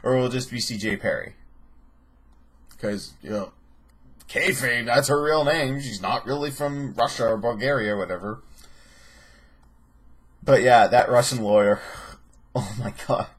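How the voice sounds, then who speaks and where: A man's voice: mid-range voice, measured pace, pauses often, husky. A man hosting a casual vlog who rambles with profane sarcasm. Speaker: host.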